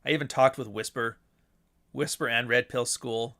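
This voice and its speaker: Guy hosting his own podcast, just rambling and cursing, mocking stuff, normal pitch. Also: fairly even intonation, moderate pace, bright, forceful tone. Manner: profane, rambling, mocking asides. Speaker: podcast host. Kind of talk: casual solo monologue.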